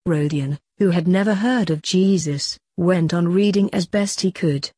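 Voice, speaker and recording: Woman, audiobook narrator, calm, measured, mellow, dry close recording. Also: lowish voice, slightly rough, no echo. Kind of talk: storybook narration.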